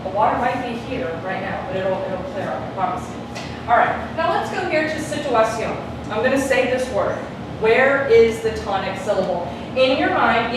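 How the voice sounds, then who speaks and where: A woman teaching a classroom lesson, patiently repeating her questions and stretching out words to show where the stress falls. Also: fairly high pitch. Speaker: Spanish teacher. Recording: echoey classroom, taped from a distance, noisy.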